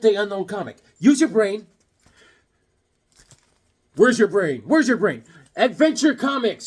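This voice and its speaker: A man chatting casually about his comic book haul, animated and jokey, slipping into silly voices. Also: high-pitched, husky. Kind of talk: casual chat.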